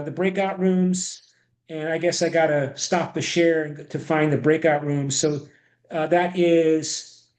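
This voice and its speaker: A high-voiced man lectures on history to an online class, circling back on his words and restarting sentences. His voice carries a roomy echo through a video call microphone. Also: darkish tone. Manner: rambling, many restarts and repeated words. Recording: echoey room.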